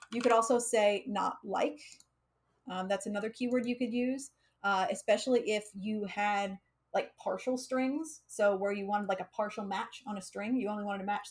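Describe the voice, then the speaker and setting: An American woman with a mid-range voice streams a casual live coding lesson as the instructor. She's chatty, laughs a lot, and leans on fillers like "um" and "like."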